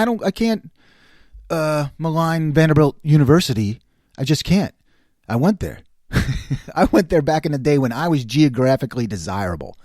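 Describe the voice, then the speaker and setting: A man in his fifties hosting his own casual talk show, rambling and self-mocking as he jumps from quiet muttering to loud exclaiming. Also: mid-range voice, no room sound, clean studio sound. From New York. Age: 50s. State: slight voice cracks. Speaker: host.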